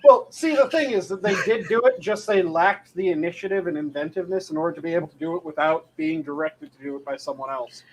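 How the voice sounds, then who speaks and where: A man's voice: fairly high pitch, fast talker, hardly any pauses, a little hiss or hum, rough recording. A man hosting a casual podcast chat, talking in a dry, wordy and sardonic way. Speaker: show host.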